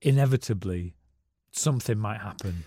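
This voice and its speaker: A man's voice: on the low side, moderate pace, dark tone, slightly rough, no echo, clean studio sound. A tired man, co-hosting a casual radio chat and teasing his friend with plenty of laughs. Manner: chatty, laughs often, teasing. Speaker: podcast co-host, newspaper editor. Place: radio studio. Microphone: studio microphone.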